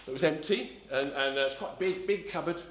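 A middle-aged preacher from south-east London works through a sermon in a loose, conversational way, correcting himself and filling pauses with ums. His voice sits in an echoey church space. A faint hum of room noise runs underneath. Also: on the high side, a bit bright. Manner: rambling, self-correcting storyteller, frequent ums. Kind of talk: sermon with a personal story.

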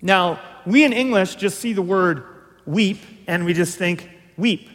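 Male preacher, high register, casual teaching sermon with big dynamic swings, recorded in a reverberant hall. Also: unhurried. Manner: conversational, swings from hushed to emphatic.

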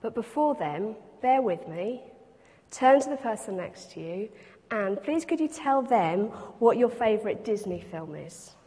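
With an expressive, mellow, medium-pitched voice and an unhurried pace, a woman reads scripture aloud to a congregation and then expounds on it in a reflective sermon. Long hall reverb is audible.

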